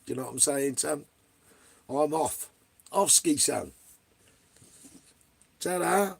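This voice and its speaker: A man's voice: a little high, animated, takes it slowly, creaky, breathy edge, dry recording. A middle-aged English man chatting casually on a livestream, answering viewers in a blunt, rambling way and swearing a lot. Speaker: vlogger.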